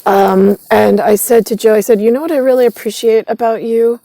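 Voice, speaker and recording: A woman's voice: a little high, fairly even intonation, brisk, dark tone, no room sound, poor audio. A woman telling a long, rambling personal story, retelling conversations line by line, with many fillers and restarts. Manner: retells conversations with quoted dialogue.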